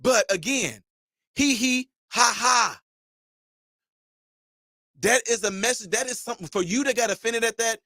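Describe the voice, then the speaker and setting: A man hosting his own channel, delivering an emphatic commentary rant with shouted punchlines and mocking imitations of his critics. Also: very high voice, fast, few pauses, no room sound. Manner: mocks imagined critics in a mimicking voice. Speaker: channel host.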